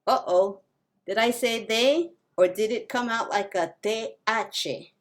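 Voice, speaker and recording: A woman teaching Spanish pronunciation, slowly modeling words for learners to repeat. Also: a little high. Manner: slow, careful modeling of pronunciation. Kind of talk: language lesson.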